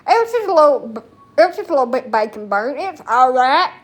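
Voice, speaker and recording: Middle-aged woman, high voice, rambling, brash, crude, casual live-stream chat. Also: very animated, a little fast.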